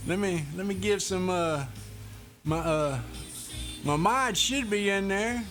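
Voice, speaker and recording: A man's voice: high voice, slow pace, long pauses, a bit bright. A man chatting casually with viewers while streaming a truck driving game, laid-back and laughing often. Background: faint music.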